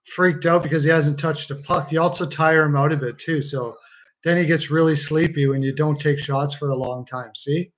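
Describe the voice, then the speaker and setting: A man's voice: fairly high pitch, fairly bright tone, low-quality recording. Joking man doing live hockey commentary. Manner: joking, laughs often, swears. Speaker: live-stream host. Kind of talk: casual hockey watch-along commentary.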